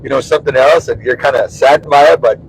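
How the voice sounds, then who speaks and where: A man hosting a casual chat, earnest and heartfelt, speaking in slow, halting phrases. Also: medium pitch, gravelly, a little hiss or hum, low-quality recording. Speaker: host.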